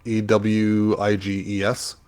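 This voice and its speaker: A man co-hosting a podcast in casual chat, pausing often with fillers while he recalls names. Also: on the low side, monotone, a little mellow, smooth. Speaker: podcast co-host.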